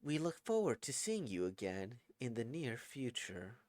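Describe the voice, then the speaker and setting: A man's voice: medium pitch, very animated, unhurried, a little mellow, no room sound. A formal, stiffly polite AI helper from a game speaks in a stilted, robotic cadence, as a man puts it on. The voice is dry and close, with no room around it. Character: stilted polite AI assistant program.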